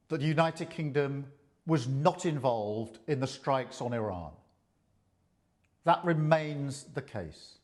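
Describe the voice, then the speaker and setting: A man delivering a formal televised statement in a measured, deliberate way. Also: on the high side. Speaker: politician giving a statement.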